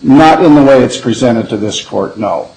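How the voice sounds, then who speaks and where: A man speaking as an attorney in an appellate oral argument, measured and deliberate, often restarting his phrases. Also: mid-range voice, expressive, warm tone, poor audio.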